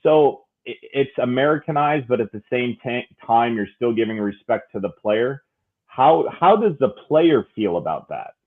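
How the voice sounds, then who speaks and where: A man's voice: medium pitch, expressive, normal speed, phone-quality sound. A man who is an aspiring amateur play-by-play announcer asks a guest a long question, rambling and searching for his words. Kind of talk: asking a question on a talk show.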